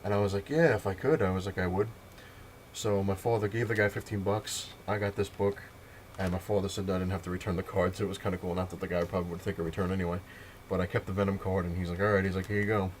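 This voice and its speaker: A man tells a story straight to camera, piling on fillers as he rambles along. His voice sits low and he talks at a brisk clip. A faint hiss runs under the recording. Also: little pitch movement. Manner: rambling, filler-heavy retelling. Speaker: comic collector vlogger.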